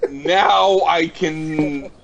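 Profane, drunk man ranting slowly. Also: a little high, creaky, fairly bright tone, a little hiss or hum, low-quality recording. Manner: profane, mock-furious ranting. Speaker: podcast co-host reviewing albums. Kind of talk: casual chat.

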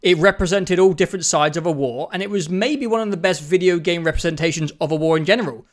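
A man's voice: fairly high pitch, fast talker. A man co-hosting a podcast in casual, chatty talk, correcting himself as he goes. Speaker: podcast co-host. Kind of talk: casual chat.

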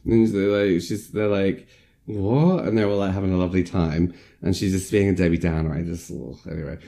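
A man's voice: deep voice, steady tone, fast talker, creaky, mellow. A man rambling casually through a film recap, full of likes and ums. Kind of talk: casual chat.

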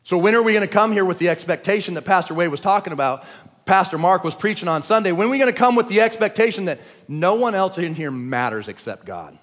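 A man preaching a sermon at a church service, talking in casual slang and swinging between shouting and quiet asides. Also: high-pitched, lively intonation, quick pace. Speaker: pastor. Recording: long church hall reverb.

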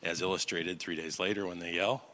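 Pastor guy preaching in a big church hall, bright ringing voice, keeps asking if you follow him. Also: low voice, fairly even intonation, a little fast, slight background noise. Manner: swings from loud emphatic to hushed intense. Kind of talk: sermon. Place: church auditorium. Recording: long reverb of a large hall.

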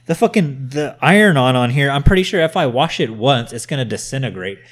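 A man co-hosting a casual podcast, swearing often as he tells an animated story over a webcam. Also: mid-range voice, brisk. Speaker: podcast co-host. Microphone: video call webcam.

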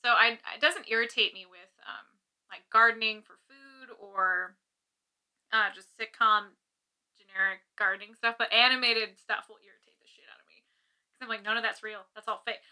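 A woman's voice: fairly high pitch, moderate pace, bright, forceful tone. A woman co-hosting a casual podcast chat, swearing freely and breaking into laughter as she rants. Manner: ranting, swearing, laughing often. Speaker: podcast co-host. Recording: uneven home podcast sound.

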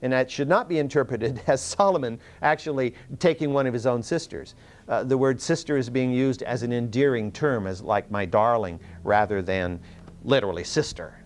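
A man teaching verse by verse through a Bible passage, explaining earnestly and reading Scripture aloud with emphasis, often pausing to correct himself. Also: medium pitch. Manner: self-correcting, with restarts and fillers.

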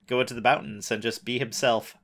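A young man telling a story in a relaxed way, dropping frequent uhs and wry teasing asides. His pitch sits in an ordinary middle range for a man. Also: fast. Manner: lots of uh fillers, wry teasing. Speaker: podcast co-host. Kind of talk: casual recap chat.

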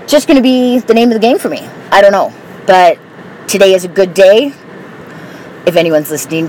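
A woman vlogger with a lowish voice tells candid, profane stories in a casual monologue while driving. The low-quality recording comes from inside her car on the road, with loud road and car noise throughout.

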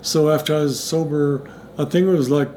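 A man's voice: on the high side, steady tone, brisk, warm tone, slight background noise. A middle-aged man telling a personal recovery story in a rambling way, full of restarts and acted-out dialogue. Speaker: interviewee in recovery.

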